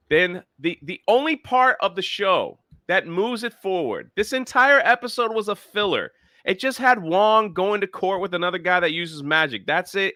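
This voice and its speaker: A man's voice: high-pitched, pushed and bright, dry recording, studio quality. A man hosting a casual review chat, dismissive and critical as he recaps the plot. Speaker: show host.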